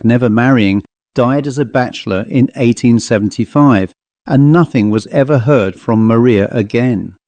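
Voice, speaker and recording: Mellow-voiced man reading a ghost story. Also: mid-range voice, no room sound. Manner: measured, formal storytelling. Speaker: narrator and author. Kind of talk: scripted ghost story narration.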